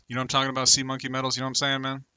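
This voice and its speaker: A man's voice: mid-range voice, completely flat delivery, racing, pushed and bright, clear, resonant tone, no room sound. A man in his thirties hosting a casual livestream, chatting loosely with viewers, reading their comments aloud and rambling with plenty of fillers. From United States. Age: 30s. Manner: rambling, filler-heavy, talks to viewers by name. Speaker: livestream host.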